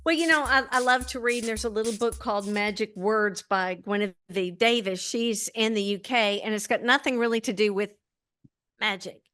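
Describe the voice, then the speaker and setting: Bright, earnest woman co-host. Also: mid-range voice, moderate pace. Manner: earnest, reflective, faith-minded. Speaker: podcast co-host. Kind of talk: casual chat.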